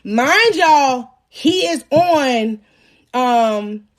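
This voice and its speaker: High-voiced woman telling a slangy story. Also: extremely slow. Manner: slangy and animated, keeps addressing the crowd. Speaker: podcast host. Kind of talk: live storytelling to an audience.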